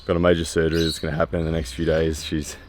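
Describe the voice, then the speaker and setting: Deep aussie bloke vlogging after a workout, lots of ums, pretty candid. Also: male voice, monotone, slight background noise. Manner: candid and reflective, with many pauses and fillers. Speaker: strength training vlogger. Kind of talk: casual post-workout vlog talk. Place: training area after a workout.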